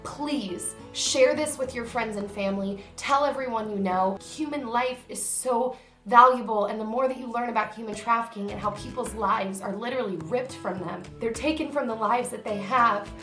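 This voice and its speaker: A woman's voice: fairly high pitch, normal speed, hardly any pauses, fairly bright tone. A woman vlogger speaking earnestly and from the heart, straight to her viewers. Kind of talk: direct-to-camera vlog appeal. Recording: roomy echo, faint music behind.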